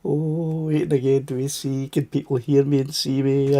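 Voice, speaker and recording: A man's voice: mid-range voice, moderate pace, pauses often, warm tone. Scottish man with a stuffy cold. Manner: chatty, greets viewers by name, laughs often. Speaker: livestream host. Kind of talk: casual live chat.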